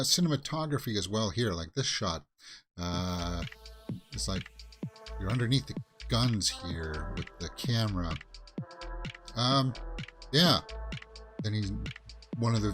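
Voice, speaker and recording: Rambling man reacting to a movie trailer. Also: on the low side. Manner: loose and rambling, many fillers and restarts. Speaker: movie talk show host. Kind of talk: casual trailer reaction commentary.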